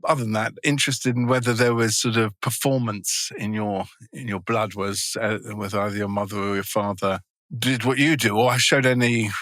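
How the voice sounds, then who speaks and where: Bright chatty guy hosting a podcast, laughs a lot, rambles his questions. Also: on the low side, fairly even intonation, moderate pace, no room sound. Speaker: podcast host. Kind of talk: casual podcast interview.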